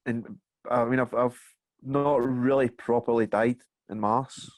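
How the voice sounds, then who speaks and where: A Scottish man with a mid-pitched voice tells stand-up stories as a podcast guest, cursing and laughing along with his own anecdotes. The sound is dry and close, with no room echo. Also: measured pace. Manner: animated storyteller, swears and laughs through anecdotes. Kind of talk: casual podcast chat over a video call.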